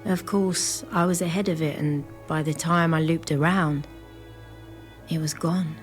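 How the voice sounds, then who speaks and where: A woman voicing a seasoned female river sailor, telling a tale slowly and in a hushed way. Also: low voice, fairly even intonation, faint music behind, voice pushed down. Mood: wistful.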